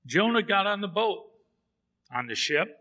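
Bright-voiced preacher in a reverberant church. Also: male voice, sits high, sing-song, a little slow. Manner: storytelling preacher, voicing characters in dialogue. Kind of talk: sermon. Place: church sanctuary.

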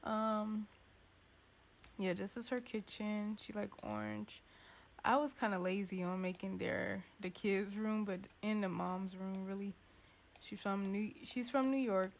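Speaking in a steady, creaky voice at a slightly slow pace, a woman records chatty let's-play commentary from home as a gaming YouTuber. She is playful and occasionally gives her sims' thoughts a squeaky voice.

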